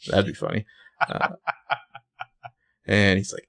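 A man's voice: lowish voice, flat delivery, slow pace, vocal fry, a bit bright. A man co-hosting a podcast, casually recapping a TV episode, laid-back, laughing easily and swearing now and then. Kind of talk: casual chat.

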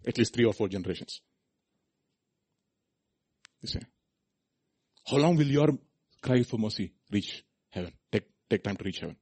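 A male preacher delivers his sermon in a husky voice. His pitch leaps and falls with lively range, loud emphatic lines giving way to quiet asides. He keeps asking the congregation rhetorical questions. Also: moderate pace, long pauses. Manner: animated, swinging from loud high emphasis to soft low asides, rhetorical questions.

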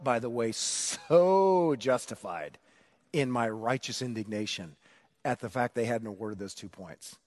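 A middle-aged man preaching a sermon, telling a story about himself in an animated, self-mocking way and acting out the shouting. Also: a little high. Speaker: pastor.

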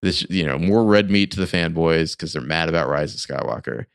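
Forties guy, deep voice, rambly podcast chat w lots of likes, dry sound. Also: animated, brisk, creaky, no room sound. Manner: rambling, filler-heavy fan critique. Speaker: podcast co-host. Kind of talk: casual chat.

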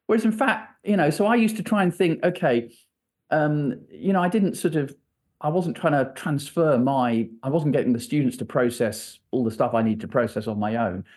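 Male guest, warm dark tone, musing and circling back on his thoughts. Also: fairly high pitch, moderate pace. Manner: thoughtful, rambling, restarts often. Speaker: author and church leader, guest. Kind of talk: conversational interview answers.

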